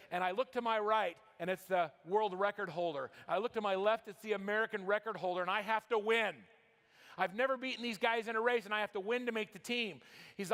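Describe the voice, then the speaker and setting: A middle-aged man from Utah giving a motivational convention keynote, telling a story with big rises and sudden drops. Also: high voice. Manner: energetic storytelling, rising and dropping for drama. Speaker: motivational speaker. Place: large convention hall. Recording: long hall reverb.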